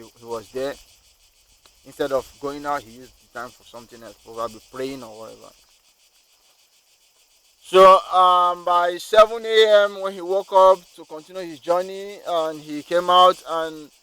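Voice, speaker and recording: A man's voice: high-pitched, normal speed, pushed and bright, smooth, poor audio. A man telling a moral story in a rambling way, with frequent restarts and repeated words.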